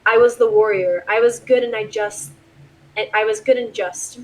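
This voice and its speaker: A woman voicing a traveling man who reads a dark old journal aloud in a measured, solemn way, without putting on an accent. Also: high-pitched, fairly even intonation, natural voice, poor audio.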